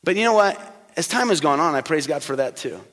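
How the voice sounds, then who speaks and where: A middle-aged man with a fairly high voice delivers a sermon from the pulpit. He tells personal stories, sinking to quiet, slow lines before pushing up to loud emphasis. His voice trails off in the long reverb of a church hall. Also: lively intonation. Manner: storytelling, swings from soft and slow to loud and emphatic. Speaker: pastor.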